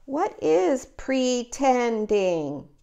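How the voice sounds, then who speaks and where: A woman reading aloud, voicing an anxious, cautious male elephant who wonders slowly and worries easily. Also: on the high side, big pitch swings, vocal fry, warm tone, clean tone, highs cut off, exaggerated voice. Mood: wondering. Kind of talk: picture book read-aloud.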